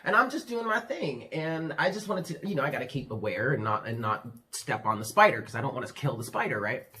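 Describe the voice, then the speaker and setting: A man, a tarot reader, casually telling his viewers a story from his room, animated and swearing freely while addressing them as "y'all". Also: mid-range voice, a little fast. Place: his room with the door closed.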